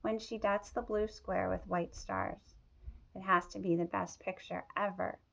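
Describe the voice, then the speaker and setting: A woman reading a picture book aloud to children, teacherly and pausing to ask them questions. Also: medium pitch, fairly even intonation, vocal fry, a bit bright. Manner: teacherly, asks the listeners questions. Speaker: storybook reader.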